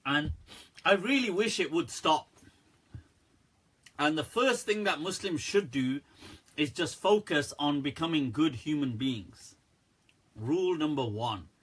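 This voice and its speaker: A man, an Islamic scholar, answering viewer questions on a live stream in a candid, animated way, laughing often. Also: a little high, measured pace, pauses often, slightly rough.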